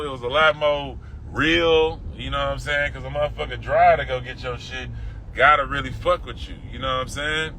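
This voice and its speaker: A man's voice: on the high side, bright, forceful tone, slight background noise, poor audio. A man with a Houston accent hosting a casual livestream from his car while driving, in laid-back, profane, rambling street talk. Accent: Houston, Texas. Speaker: livestream host. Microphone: phone.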